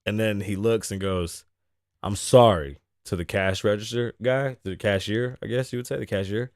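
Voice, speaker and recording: A man's voice: lowish voice, fairly even intonation, a little fast, dry recording, clean studio sound. A man hosting his show, telling a casual, profane story time with lots of laughing. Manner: laughs often between lines. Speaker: host.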